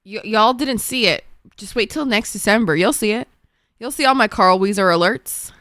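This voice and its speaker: A young woman streamer chatting casually with viewers, excitable and swearing, laughing often. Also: mid-range voice, normal speed, no echo. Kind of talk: casual gaming stream chat.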